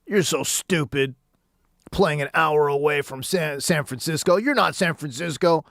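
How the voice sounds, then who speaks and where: A man voicing a mocking East Coast critic who taunts and sneers, putting on a slightly lower, scornful tone. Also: measured pace, a bit bright, no echo, studio quality. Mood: sneering.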